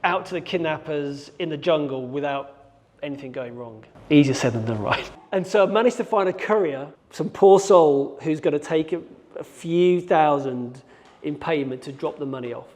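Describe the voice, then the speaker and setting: This Birmingham-born hostage negotiator, now middle-aged, speaks at a moderate pace in a slightly mellow voice that sits on the high side. On stage for a keynote, he dramatizes a gripping story, voicing scenes and his inner thoughts, while the big hall echoes with long reverb.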